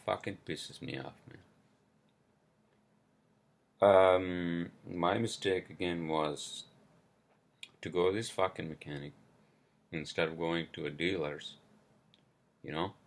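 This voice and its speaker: This New York solo podcaster has a deep, steady, gravelly voice as he vents angrily. His rant is heavy on swearing, broken up by fillers, and peppered with apologies.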